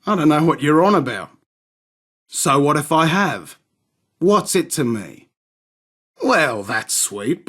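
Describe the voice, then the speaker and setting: A man's voice: on the high side, a bit bright, heavily acted. A man voicing a crude, swaggering arms dealer from in a game, sardonic and rude. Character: cocky, crude male London arms dealer. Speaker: game character. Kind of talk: game voice acting.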